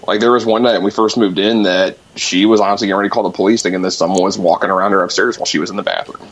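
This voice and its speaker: Fast-talking husky young man on a call. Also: sits low, steady tone, a bit bright. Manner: rambling, many fillers, quick. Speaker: guest musician calling in. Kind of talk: casual storytelling. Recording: dull lo-fi call-in line.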